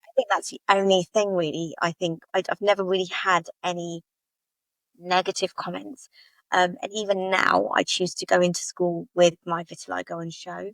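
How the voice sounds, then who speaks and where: A woman, a podcast guest, recounting a personal experience in a halting, emotional way, often repeating her phrases. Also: little pitch movement, creaky, fairly bright tone, no room sound, poor audio. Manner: halting, repeats phrases, rises in pitch when retelling upsetting moments.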